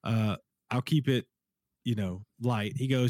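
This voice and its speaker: Animated rambling male podcast host. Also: mid-range voice, a little slow, no room sound. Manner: animated, rambling, frequent fillers and restarts. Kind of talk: casual chat.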